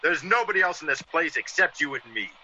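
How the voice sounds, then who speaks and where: A vengeful ex-convict with a sharp, bright voice that swings widely in pitch. He talks in a theatrical 1940s radio style. The sound is dull and lo-fi, like an old radio recording. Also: lively intonation, fast talker, husky, heavily acted. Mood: menacing. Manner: theatrical, menacing in the scene within the scene. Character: Kerrigan, a man acting out a vengeful ex-convict. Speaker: radio drama actor.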